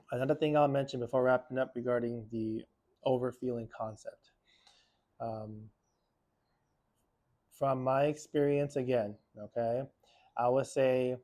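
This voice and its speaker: A male therapist speaks directly to his viewers in an easy, unhurried way, pausing often with small fillers as he thinks. His voice sits in an ordinary middle pitch for a man, calm and conversational. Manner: unhurried, reflective, with many fillers. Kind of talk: casual talk to camera.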